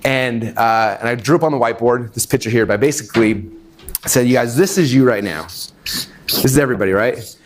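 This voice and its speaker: Fast-talking animated male storyteller. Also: medium pitch, a little hiss or hum. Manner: animated, acts out quoted voices, many fillers. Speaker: webinar speaker. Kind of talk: energetic storytelling talk.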